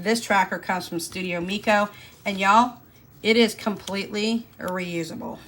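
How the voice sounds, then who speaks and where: A woman's voice: mid-range voice, a bit bright, a little hiss or hum. A woman, chatting casually and folksily to her viewers while stuffing cash envelopes. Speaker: budgeting vlogger. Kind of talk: casual chat to camera.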